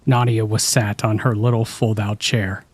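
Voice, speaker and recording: Man, horror story narrator, fairly low voice, steady scripted delivery. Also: moderate pace, husky, dry recording.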